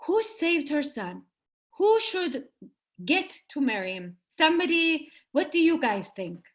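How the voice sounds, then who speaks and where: Woman storyteller, kids' story time, high voice, very lively, video call. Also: a little slow. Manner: animated and expressive, engaging the audience.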